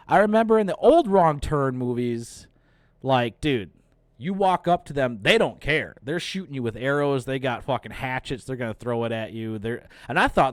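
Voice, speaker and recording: A young man hosting a casual movie review, retelling the plot excitedly, cursing and acting out lines. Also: medium pitch, normal speed, dry recording. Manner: excited, profane retelling with acted-out quotes. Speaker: host.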